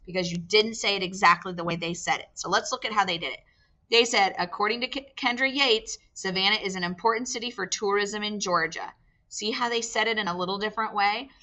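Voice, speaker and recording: A woman's voice: mid-range voice, bright, forceful tone. A woman teacher giving a recorded lesson to young students, explaining step by step with patience.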